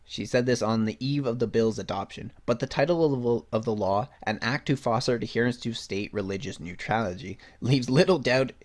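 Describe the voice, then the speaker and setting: A man's voice: medium pitch, fairly quick, few pauses. A young man hosting a podcast, giving blunt, sarcastic opinions and reading news clippings aloud, swearing and laughing at his own points. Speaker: podcast host.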